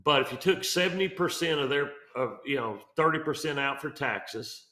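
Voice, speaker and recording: A man's voice: medium pitch, animated, normal speed, bright, forceful tone, reverberant. A man talking through mortgage numbers on a real estate show, rambling with lots of fillers and restarts. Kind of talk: casual podcast explainer.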